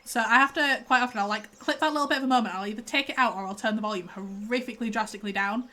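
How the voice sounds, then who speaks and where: A woman's voice: fairly high pitch, racing, sharp tone. A young woman, chatting and rambling casually as a streamer while she plays. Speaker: streamer host. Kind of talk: casual chat while gaming.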